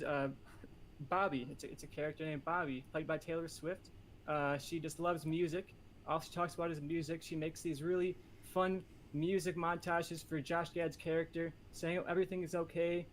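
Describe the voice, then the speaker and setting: A man's voice: on the high side, level tone, normal speed, slight background noise. Rambling joking man on a podcast. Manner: rambling, joking, many fillers. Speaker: podcast co-host pitching a movie. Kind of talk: casual comedic podcast chat.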